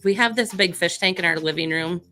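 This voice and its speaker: A woman's voice: on the low side, fairly quick, pushed and bright, faint music behind. A woman, a contestant on a radio quiz, giving short, laughing answers about her husband. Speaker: game show contestant. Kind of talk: casual radio chat.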